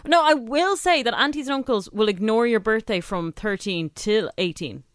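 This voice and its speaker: A woman co-hosts the show at a middle pitch, talking in a relaxed, matter-of-fact way. The recording is dry and close. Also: normal speed, no room sound. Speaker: co-host. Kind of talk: casual chat.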